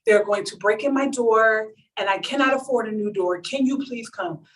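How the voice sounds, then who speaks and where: Woman doing her mom, middle-aged, hurt and insistent, low hushed pleading, kinda far from the mic. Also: normal speed, lightly acted. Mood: hushed urgent.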